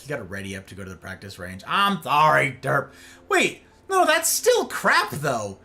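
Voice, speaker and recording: A man's voice: on the high side, bright, forceful tone. A man streaming a game live, exasperated and ranting about the controls while talking to his chat and a friend.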